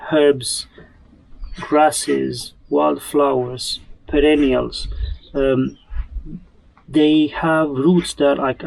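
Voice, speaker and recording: A man's voice: mid-range voice, gravelly, darkish tone, a little hiss or hum, poor audio. A man talking casually while sowing seeds in his garden, chatty and self-mocking, rambling as he goes. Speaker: homesteader vlogger.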